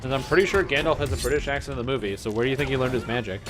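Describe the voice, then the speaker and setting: A young man streaming a game, chatting casually with his viewers, getting excited and swearing now and then. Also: mid-range voice. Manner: mimics characters in quick offhand voices. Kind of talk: casual gameplay commentary. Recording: faint music behind.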